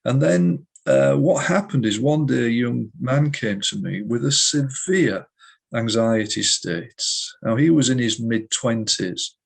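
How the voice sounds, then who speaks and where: Middle-aged man, husky voice, measured storyteller, interview guest. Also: medium pitch. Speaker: hypnotist guest.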